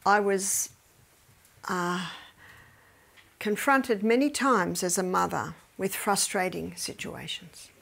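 A woman's voice: medium pitch, slow pace, creaky, long pauses, a bit bright. A middle-aged woman gives a faith-based health lecture, telling stories with animation and often dropping to near-whispers.

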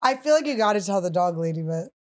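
A woman's voice: on the low side, expressive, fast, a little mellow. Giggly woman hosting a comedy podcast. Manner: giggly, bossy, teasing. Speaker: podcast host. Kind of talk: casual comedy podcast chat.

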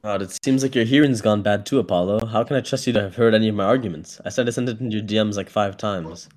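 A man's voice: fairly low pitch, quick pace, darkish tone. A man in a heated online voice-chat debate, defensive and insulting, pushing back with stammers. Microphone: phone.

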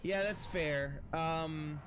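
Man streaming a game, slow jokey talk, swears, noise underneath. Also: on the high side. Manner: jokey, swears, talks to chat and game characters. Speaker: streamer playing a video game. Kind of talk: casual gameplay commentary.

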